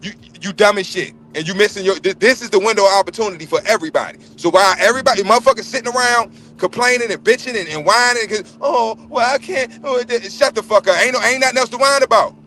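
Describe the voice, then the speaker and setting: A man's voice: high voice, fast talker, hardly any pauses, bright, forceful tone. A man on a livestream panel, giving a heated, profane, blunt rant and repeating himself for emphasis. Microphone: remote livestream call.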